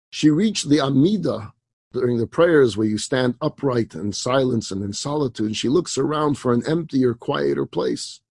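A man's voice: medium pitch, creaky, darkish tone, husky, no echo. A man, a rabbi, telling an inspirational story dramatically, with emphatic asides and rhetorical questions.

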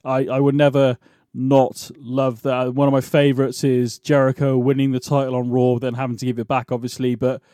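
A man's voice: medium pitch, flat delivery, moderate pace, mellow, dry recording, clean studio sound. A man co-hosting a casual wrestling podcast, rambling and restarting as he talks. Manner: rambling, restarts and laughs a lot. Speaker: podcast co-host. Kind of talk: casual chat.

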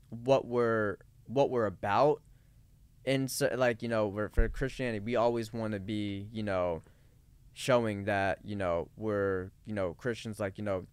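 A man's voice: fairly low pitch, smooth, no room sound. A man co-hosting a casual podcast discussion, talking in rambling runs full of fillers and restarts. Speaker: podcast co-host.

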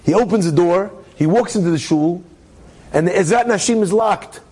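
A man telling a story to an audience as a religious speaker, animated and joking, acting out the characters and using Hebrew terms. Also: sits high, normal speed, husky, poor audio.

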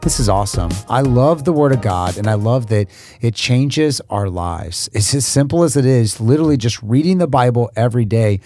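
A man's voice: mid-range voice, expressive, normal speed, warm tone, soft background music. A man who is a pastor, hosting a church podcast in an upbeat, chatty way. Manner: enthusiastic, chatty.

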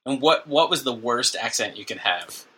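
Male podcast co-host, very bright tone, joking casual banter, from New Jersey. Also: mid-range voice, expressive, slightly rough. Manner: joking, laughs often, does quick funny voices. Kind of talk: casual chat.

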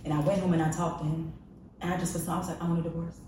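A woman's voice: sits low, flat delivery, quick pace, a little mellow, distant mic, a little hiss or hum. A woman guest on a podcast, candidly telling a personal story in a frank, confessional way with emphatic repetition. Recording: echoey room, voice off-mic.

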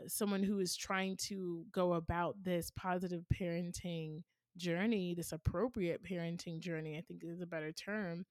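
A woman's voice: fairly low pitch, a little mellow, dry recording, clean studio sound. A woman in her thirties, a podcast host giving casual parenting advice in an earnest, storytelling way with lots of "like" and "right?". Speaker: podcast host answering a listener question.

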